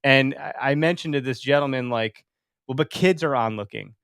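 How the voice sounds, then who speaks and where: A man in his thirties hosting a casual podcast chat, animated and profane, acting out other people's voices as he talks. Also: mid-range voice, normal speed, smooth, no room sound, clean studio sound. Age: 30s. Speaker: podcast host.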